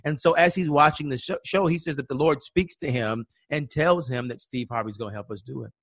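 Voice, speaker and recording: A man's voice: mid-range voice, brisk, fairly bright tone, breathy edge, dry recording, studio quality. A man from Atlanta telling a personal story in conversation, acting out the voices of the people he quotes. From Atlanta, USA. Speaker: guest.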